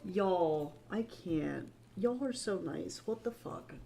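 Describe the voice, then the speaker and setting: A man's voice: sits high, animated, slow pace, vocal fry, dark tone, slight background noise. A man livestreaming to his viewers, teary and gushing, rambling and swearing freely in casual chat from his home office. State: teary, on the verge of crying. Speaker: author and livestreamer.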